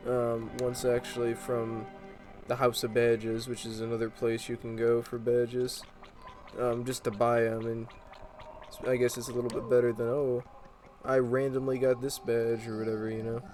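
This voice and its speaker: A man giving laid-back gameplay commentary in a mid-pitched voice, pausing often with fillers. Clear video game music plays under his talk. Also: poor audio. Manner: relaxed, rambling with many fillers. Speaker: let's play host.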